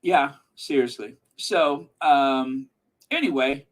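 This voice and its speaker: Slow, sarcastic man commenting to viewers. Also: fairly high pitch, lively intonation, fairly bright tone. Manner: sarcastic, emphatic, talks to viewers and live chat. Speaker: commentary channel host. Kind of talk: casual reaction commentary.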